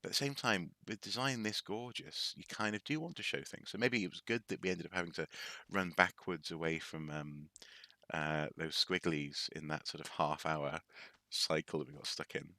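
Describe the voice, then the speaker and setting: A man chatting his way through a game stream, wandering between thoughts and restarting his sentences. His voice sits low but has a sharp, tense edge. It is recorded close and dry. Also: fairly even intonation, normal speed, dry recording. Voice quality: rambling, with many fillers and restarts. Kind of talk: casual gaming commentary.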